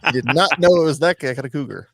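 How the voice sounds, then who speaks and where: A man's voice: on the high side, quick pace, creaky, fairly bright tone, no echo, clean studio sound. A man co-hosting a casual podcast, joking and acting out quotes in his stories. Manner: joking storyteller, acts out quotes. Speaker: podcast co-host.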